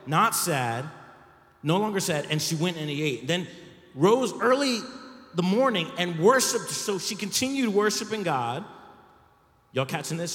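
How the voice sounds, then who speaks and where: Man, pastor, animated sermon, high-pitched, long church reverb. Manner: animated preaching, rising to shouts, playful asides to the congregation. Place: church sanctuary. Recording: echoey hall with long reverb.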